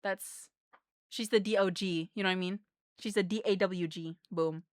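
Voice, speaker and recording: A woman's voice: lowish voice, fairly even intonation, moderate pace, dry recording, studio quality. A woman streamer chatting casually to her viewers, bubbly and giggly, rambling with lots of fillers. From Philippines. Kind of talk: casual live-stream chat.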